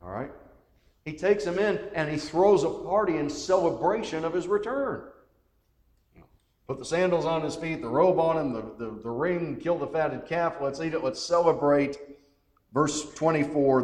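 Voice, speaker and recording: A man's voice: fairly high pitch, normal speed, a little mellow. Guy teaching a bible class, reads verses and quizzes the room, big echoey hall w long reverb. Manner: asks the group questions, reads scripture aloud.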